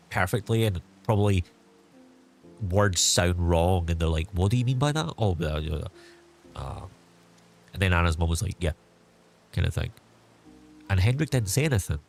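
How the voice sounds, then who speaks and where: A young man chats to his viewers as a streamer, recounting a story in a loose, meandering way. His voice sits a little low, and he leans on "like" and "um" as he goes. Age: young adult. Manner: rambling, full of fillers like "like" and "um". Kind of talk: casual storytelling.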